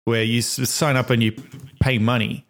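A man's voice: mid-range voice, little pitch movement, normal speed. A man co-hosting a podcast, rambling and cutting himself off as he chats. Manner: rambling, self-interrupting, laughs often. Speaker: podcast co-host. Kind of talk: casual chat.

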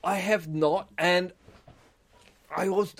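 A man co-hosting a casual podcast chat, relaxed, with dry remarks and repeated restarts. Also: high voice, slow pace. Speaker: podcast co-host.

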